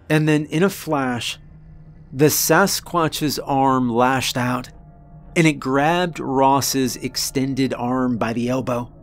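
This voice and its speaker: Slow, deliberate male horror narrator. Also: medium pitch, no echo. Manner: deliberate, earnest storytelling with dramatic pauses. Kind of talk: first-person horror story narration.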